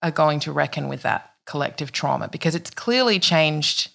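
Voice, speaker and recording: A woman hosts a conversational interview. Her voice is low and gravelly, with a slight fry. She speaks reflectively and at a measured pace. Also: animated, a bit bright.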